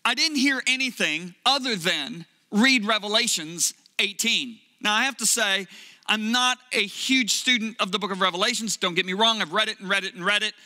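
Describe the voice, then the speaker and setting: Bright high-voiced man preaching in a hall. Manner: earnest, emphatic storytelling with drawn-out pauses. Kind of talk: sermon storytelling.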